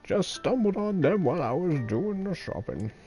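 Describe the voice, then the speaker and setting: A man's voice: high voice, very animated, normal speed, mellow, faint music behind, pitched above the performer's own voice. A man voicing a tough, vulgar old grandmother who scolds bluntly but lovingly. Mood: offhand.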